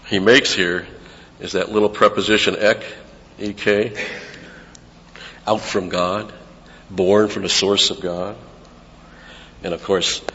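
A man's voice: on the low side, fairly bright tone. A man preaching an expository sermon, teaching verse by verse, explaining grammar and repeating key phrases for emphasis. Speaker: pastor. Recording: lo-fi with long hall reverb.

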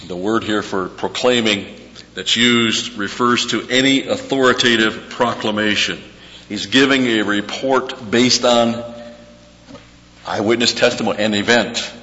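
A man delivers an expository sermon slowly and deliberately, his voice a bit low yet bright and forceful, repeating key words for emphasis. The audio sounds dull, with a long hall reverb over a faint hum.

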